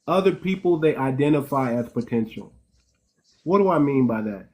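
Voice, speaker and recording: A man's voice: mid-range voice, animated, moderate pace, a little mellow. A man hosting a commentary monologue, explaining emphatically and often restarting his phrases while checking in with "right?" and "okay?". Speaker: host.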